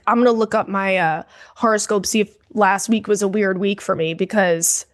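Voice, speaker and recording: A young woman co-hosting a podcast, telling an embarrassing story in casual, gossipy chat and acting out the people in it. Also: mid-range voice. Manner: gossipy, animated storytelling with quoted voices. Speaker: podcast co-host.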